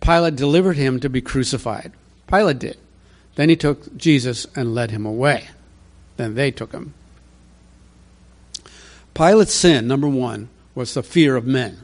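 A male pastor at a mid-range pitch, walking through scripture in a relaxed, talky way. He leans on emphasis and rhetorical questions to press his points home. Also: a little slow. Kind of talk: expository sermon.

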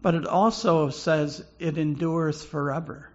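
A man preaching a sermon slowly and haltingly, often repeating words as he goes. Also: fairly high pitch, steady tone, lo-fi sound. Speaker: pastor.

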